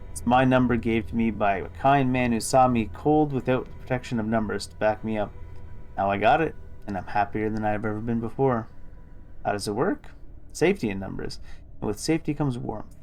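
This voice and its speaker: Faint music plays behind a man of medium pitch whose animated, slightly mellow delivery at normal speed sits close to his everyday voice. He's playing a sly, wheedling street scavenger in a video game, a folksy fellow who calls people pet and dearie.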